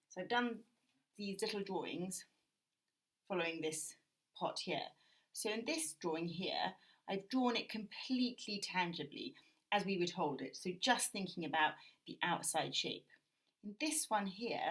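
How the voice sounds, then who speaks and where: Soft-spoken British woman teaching drawing. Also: low voice, poor audio. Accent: British English. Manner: gentle, explanatory, thinking aloud while drawing. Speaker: art teacher. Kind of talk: drawing demonstration lesson. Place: indoors at a drawing table.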